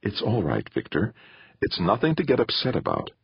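A man reading an audiobook, voicing a gentle, worried mother who murmurs softly. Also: fairly low pitch, wildly swooping pitch, normal speed, creaky, slightly rough, no echo, lo-fi sound, pitched above the performer's own voice, exaggerated voice. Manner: soothing, murmuring. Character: soft-spoken worried mother.

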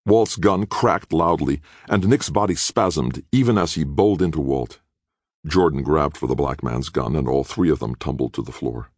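A man narrating a thriller audiobook in a measured, dramatic way. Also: rumbling low, darkish tone, no room sound, studio quality.

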